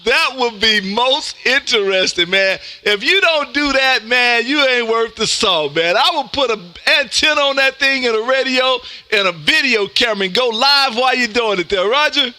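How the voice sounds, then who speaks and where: Loud Texas ham host, high and bright, dry close mic, "man" in every line. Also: moderate pace, hardly any pauses, dry recording. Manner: loud, energetic, says "man" constantly. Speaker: ham radio operator streaming live. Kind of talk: on-air radio contacts and chat. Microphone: close studio mic with headphones.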